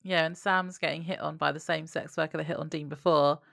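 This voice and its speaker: A woman's voice: low voice, fairly even intonation, a little fast, gravelly, fairly bright tone, dry recording. A woman co-hosting a podcast, recapping a TV episode in casual chat and laughing often. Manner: laughs often, brief agreeing replies. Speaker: podcast co-host.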